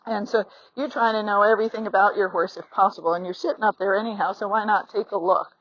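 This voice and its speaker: A middle-aged woman gives an outdoor riding lesson from horseback, speaking fast in a steady, mid-range voice with a fairly bright tone. She's chatty and encouraging, voicing what the horse and rider might be thinking. A phone mounted on her picks it up with slightly dull lo-fi sound.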